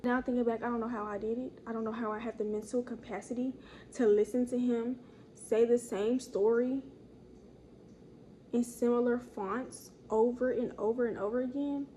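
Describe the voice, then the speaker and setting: A young woman telling a casual story from her own life, slangy and animated, acting out the people she quotes. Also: on the high side, moderate pace, a little hiss or hum. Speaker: storytime vlogger.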